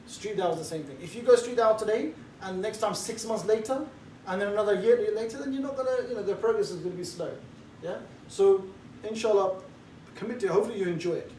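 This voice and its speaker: A man giving a group briefing as an outreach trainer. He talks briskly and keeps checking in with the listeners. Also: sits high, mellow, a little hiss or hum. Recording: echoey room, mic set far off.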